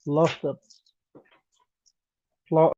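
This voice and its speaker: Woman, low voice, slow and exclaiming, dull lo-fi sound. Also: little pitch movement, dark tone, dry recording. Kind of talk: casual chat.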